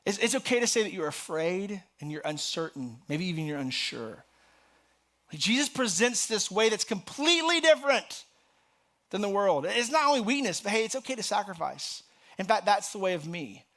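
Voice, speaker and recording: A man's voice: high-pitched, moderate pace. A middle-aged man preaching a conversational sermon as a pastor, lifting his voice for the scripture he reads. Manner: conversational and animated, rising sharply on scripture. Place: church sanctuary.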